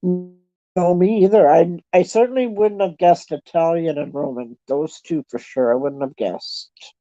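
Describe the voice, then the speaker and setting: A Canadian woman chatting casually in a slow, unhurried way, often thinking aloud and poking fun at herself. Her voice is mellow and dark, and it sounds close and dry. The recording is dull and lo-fi. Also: lowish voice, soft background music. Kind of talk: casual chat with online viewers.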